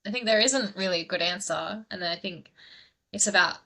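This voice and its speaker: Gravelly bright-voiced podcast host. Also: female voice, mid-range voice, normal speed. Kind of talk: casual podcast chat.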